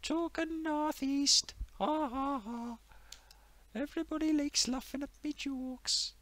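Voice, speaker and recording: Bloke doing a squeaky, twee northeast comedienne caricature, broad Geordie singsong, bright and mocking, for a stream gag. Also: male voice, steady tone, takes it slowly, no echo, heavily acted. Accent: exaggerated Geordie. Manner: mocking, jokey self-satisfied laughs. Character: mocking impression of a chirpy female northeast comedian.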